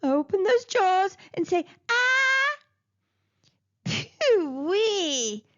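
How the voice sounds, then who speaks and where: A woman's voice: extremely high pitch, big pitch swings, very slow, a bit bright, voice pushed up, exaggerated voice. A woman voicing a jumpy male dolphin dentist who stammers and panics, on a dull lo-fi recording. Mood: nervous. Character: jittery male dolphin dentist, easily scared.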